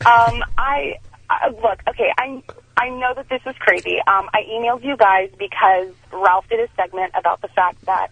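Woman caller, halting storyteller, muffled phone sound. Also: medium pitch, creaky, fairly bright tone, slightly rough, no echo. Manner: hesitant, filler-heavy storytelling. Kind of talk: phone-in chat.

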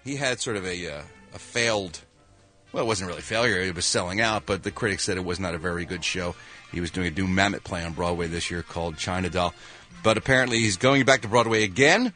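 A man from Philadelphia hosting a morning radio show, reading entertainment news in an animated, jokey way with quick voiced reactions. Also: deep voice, faint music behind. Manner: animated, jokey, with quick sound-effect interjections. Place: radio studio.

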